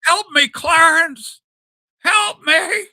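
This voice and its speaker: Man doing an old-movie hero impression: frantic, pleading, stammering, high and sharp. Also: sing-song, slow, no room sound, exaggerated voice. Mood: desperate. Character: impression of a classic film star, frantic desperate man.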